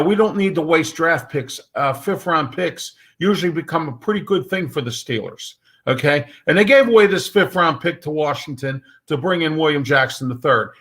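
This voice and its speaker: A man's voice: a little high, a bit bright. Blunt, rambling man hosting sports talk. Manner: blunt, opinionated, rambling with many fillers and "okay?". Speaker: sports talk show host. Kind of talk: casual sports talk monologue.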